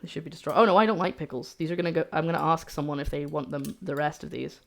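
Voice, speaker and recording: A young woman from the UK chatting casually on a cooking livestream, reading out recipe steps and reacting to her chat with excited disbelief, talking into a streaming mic in her home kitchen. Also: sits low, fast talker, creaky. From United Kingdom. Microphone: streaming microphone. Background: guitar music.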